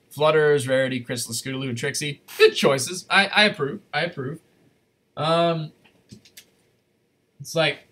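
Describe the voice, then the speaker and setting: A man hosting a casual livestream from his desk, rambling and correcting himself as he chats, his voice going slightly hoarse. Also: mid-range voice, sharp tone. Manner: rambling, chatty, self-correcting. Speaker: livestream host. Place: at a desk in a room.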